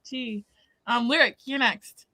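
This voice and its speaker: A woman's voice: fairly high pitch, slow pace, pushed and bright. A woman co-hosting a livestream, chatting in a playful, giggly, teasing way. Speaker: stream host. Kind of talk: casual chat.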